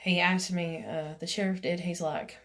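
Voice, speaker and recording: A woman's voice: fairly low pitch, little pitch movement, normal speed, fairly bright tone. A woman, casually telling a personal story in a rambling vlog, full of "you know" and "like", acting out what others said. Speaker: vlogger.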